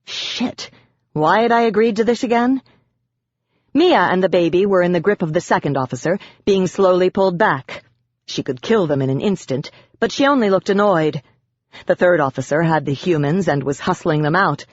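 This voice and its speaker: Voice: mid-range voice, dry recording. Dry, dull audiobook narrator voice. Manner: measured, dramatic storytelling. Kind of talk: first-person scripted fiction narration.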